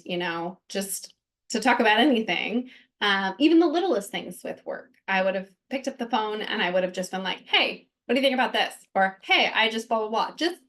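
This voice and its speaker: A woman's voice: mid-range voice, a bit bright. Woman hosting a podcast, candid personal talk, lots of ums and restarts. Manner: earnest, open, with frequent fillers and restarts. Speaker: podcast host.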